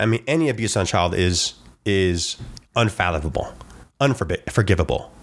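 A middle-aged man hosting his own podcast, his voice sitting fairly low. He talks in a reflective, casual way, often stopping to ask "right?" or toss in a "like.". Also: vocal fry, fairly bright tone. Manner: reflective, conversational, many "like" and "right?" asides. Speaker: podcast host. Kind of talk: casual solo podcast talk.

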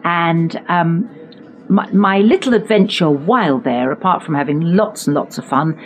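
A woman's voice: fairly low pitch, measured pace, low-quality recording. An older woman, telling chatty, self-mocking stories from her acting career in a conversation. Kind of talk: anecdotal storytelling in conversation.

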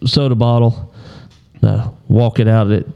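A man on a podcast telling a hunting story in a relaxed, rambling way, often clearing his throat. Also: mid-range voice, a little slow, phone-quality sound. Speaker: podcast co-host.

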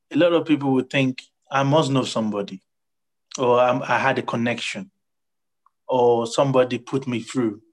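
A man in casual motivational chat, animated, acting out quotes and laughing often. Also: medium pitch, low-quality recording.

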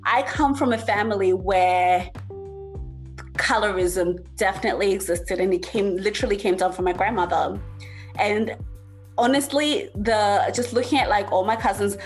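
A woman's voice: medium pitch, normal speed, soft background music. A woman talking in a casual chat, earnest and reflective, with many fillers. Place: works in the UK.

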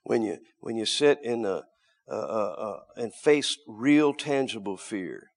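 A middle-aged man preaching a sermon, swinging between loud emphatic lines and hushed low asides, often repeating words as he restarts. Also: lively intonation, unhurried, creaky.

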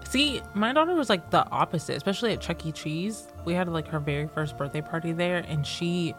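A woman with a low voice talks in a relaxed, easygoing way on a casual podcast. She laughs easily as she tells a story. Faint music plays behind her. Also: a little fast. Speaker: podcast co-host. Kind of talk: casual chat.

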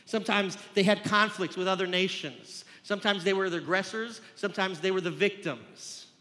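Bright, high-voiced man preaching earnestly. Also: moderate pace, in a large hall. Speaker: pastor. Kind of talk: sermon.

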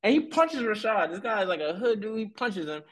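Animated man chatting on a podcast. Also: high-pitched. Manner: animated storytelling, acting out lines in quick voices. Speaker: podcast co-host. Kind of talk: casual recap chat.

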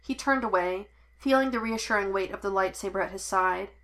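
Bright clear woman reading a story aloud, even and steady. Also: medium pitch, a little fast. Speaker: podfic reader. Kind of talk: storybook narration.

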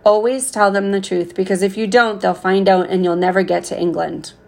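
A woman reading a caring, firm father's lines as he calmly advises his young son. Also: medium pitch, a little fast, creaky, close to an everyday voice. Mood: advising. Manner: calm, steady advice.

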